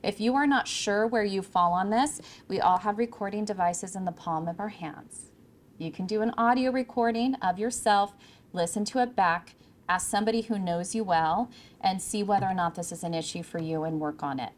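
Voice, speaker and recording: A communication coach from California speaks to a live room of interns in an emphatic, clear presenter's voice. Her pitch sits in the middle of the range, and she varies her pacing, leaning on key words. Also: moderate pace. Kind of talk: workshop talk to interns.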